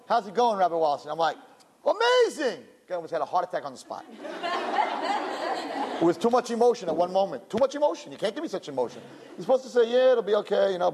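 A middle-aged man, a rabbi, giving an emotional sermon with lots of repetition and animated storytelling. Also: on the high side, husky.

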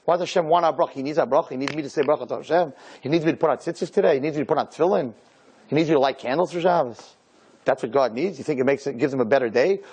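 A rabbi delivering a lecture with a voice that sits a bit above the usual male range. He keeps it lively, acting out everyday dialogues and throwing rhetorical questions at his listeners. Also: a little high, racing, breathy edge. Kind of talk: Torah lecture to a live group.

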